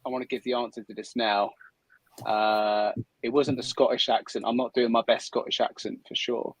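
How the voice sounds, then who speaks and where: A man's voice: medium pitch, fairly even intonation, moderate pace, no room sound, poor audio. A man hosting a live stream from a hot shed, chatting upbeat and thinking aloud while he works. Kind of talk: casual chat while working. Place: hot shed under photography lights.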